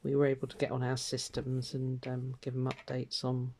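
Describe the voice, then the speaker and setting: An older woman rambles through a casual catch-up as she stitches, her voice mellow and soft-edged. She drifts between topics with plenty of fillers and light laughter. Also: rumbling low, completely flat delivery, moderate pace. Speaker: craft vlogger. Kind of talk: casual chat while stitching.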